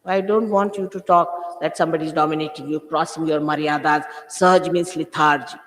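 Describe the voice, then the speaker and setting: An old 1980s recording in an echoey hall captures a spiritual teacher in her 60s scolding her followers with emphatic rhetorical questions. Her low voice is steady and a little fast.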